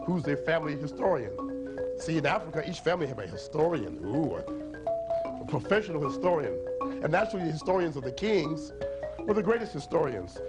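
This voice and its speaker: A man's voice: on the high side, poor audio. A man teaching children about instruments and storytellers at a library, drawing them into call-and-response chants. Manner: lively, draws audience into chants. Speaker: storyteller and musician. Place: library event.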